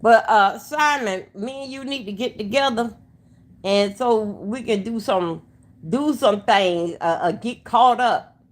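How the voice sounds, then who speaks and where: A woman's voice: fairly high pitch, fairly bright tone. A woman hosting a casual livestream, rambling and talking straight to her viewers. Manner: rambling, talks to chat directly. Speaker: livestream host. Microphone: phone.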